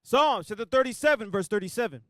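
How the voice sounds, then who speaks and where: A man reading Bible verses aloud during a sermon in a slow, deliberate, formal way. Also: very high-pitched, expressive, sharp tone, no room sound, clean studio sound. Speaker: scripture reader.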